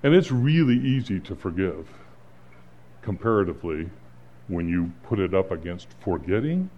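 A man's voice: deep voice, big pitch swings. Earnest middle-aged male pastor preaching. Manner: conversational, earnest, pauses and restarts, rising to emphatic points. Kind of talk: sermon. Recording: slightly dull, lo-fi sound.

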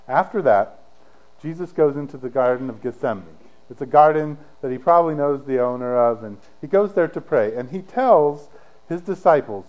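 A middle-aged male pastor preaching a sermon in a casual, conversational way, telling the story with dramatic swings from emphatic to hushed. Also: medium pitch, expressive, normal speed, low-quality recording.

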